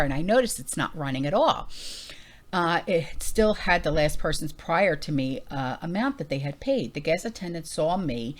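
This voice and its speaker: A woman from New Jersey hosting a prepping vlog, telling a story in an animated, emphatic rant full of fillers. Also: deep voice. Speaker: prepping channel host. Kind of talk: casual rant to viewers.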